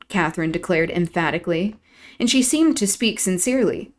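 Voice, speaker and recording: A woman hosting a stream, reading a classic novel aloud in a measured, expressive narration. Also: lowish voice. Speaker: host.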